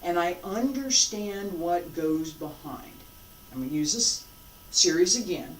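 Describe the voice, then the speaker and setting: A martial arts instructor with a mid-range, animated voice teaches a class, slowly calling out breathing cues and checking in with a casual "all right?" or "okay?" while demonstrating. The sound is roomy and distant from the mic, with slight background noise.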